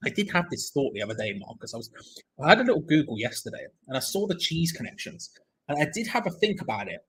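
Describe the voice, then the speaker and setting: A young man hosts a live football watch-along, joking, bantering with viewers and calling the play as it happens. His voice is husky and a little breathy, pitched somewhat high for a man. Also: big pitch swings, fast, a bit bright, poor audio. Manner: chatty, jokey, reads viewer comments aloud.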